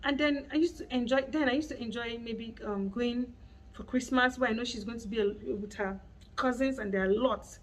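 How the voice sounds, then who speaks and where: Nigerian woman, fairly high voice, casual vlog storytelling, animated. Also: moderate pace, far from the mic, a little hiss or hum, rough recording. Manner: animated, acts out her child's screaming. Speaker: mother and vlogger.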